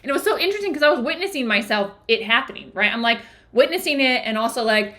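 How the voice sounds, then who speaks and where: Young adult woman, book club host, chatty storyteller with a bright, lively voice. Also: high-pitched, quick pace, few pauses. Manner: chatty storytelling, many "like" fillers. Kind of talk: casual book discussion.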